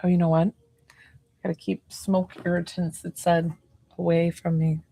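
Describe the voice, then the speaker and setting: A woman's voice: fairly low pitch, flat delivery, moderate pace, gravelly, warm tone, poor audio. A woman giving a casual spiritual reading as an animal communicator, chatting and thinking aloud to herself.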